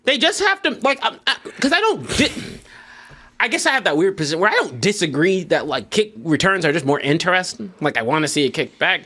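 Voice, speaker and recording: High voiced guy, super lively pitch, laughing while he talks sports. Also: fairly quick, slightly rough. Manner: animated, laughs often, slips into mock voices. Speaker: podcast co-host. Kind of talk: casual sports chat.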